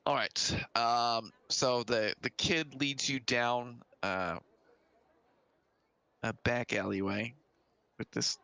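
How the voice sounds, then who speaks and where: Man, game master, gravelly low voice, bright tone, dry close sound, halting narration. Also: steady tone, no room sound. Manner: halting, hesitant narration with many fillers.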